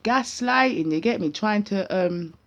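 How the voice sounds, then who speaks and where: A woman with a British accent full of London street slang, telling a personal story in an animated, casual vlog. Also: mid-range voice, unhurried, highs cut off.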